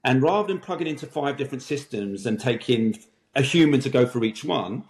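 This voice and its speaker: A man's voice: mid-range voice, lively intonation, fairly quick, darkish tone, reverberant. A man talking as a podcast guest in a conversational interview, making emphatic points and often ending them with a tag question.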